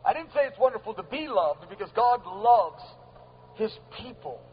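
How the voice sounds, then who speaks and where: Male preacher, high voice, emphatic, repetitive, loud-to-soft swings, dull lo-fi sound. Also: animated, normal speed, breathy edge. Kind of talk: sermon. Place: gathering hall with sound system. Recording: dull lo-fi with faint hum.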